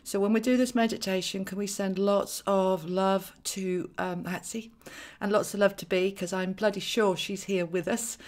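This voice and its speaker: A woman hosting a live stream, chatting and laughing with viewers, then slowing into a soft guided meditation. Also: mid-range voice, fairly even intonation.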